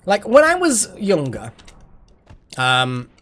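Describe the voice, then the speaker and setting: A man's voice: sits high, wildly swooping pitch, takes it slowly, a bit bright, slight background noise. A man chatting casually while streaming a game, rambling with asides and swearing. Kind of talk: casual live-stream chat while gaming.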